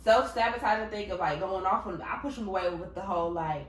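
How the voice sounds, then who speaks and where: A woman's voice: mid-range voice, fast talker, slight background noise. A woman hosting a casual podcast chat, candid and blunt, swearing freely and acting out what people say. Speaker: podcast host. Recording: roomy, from a distance.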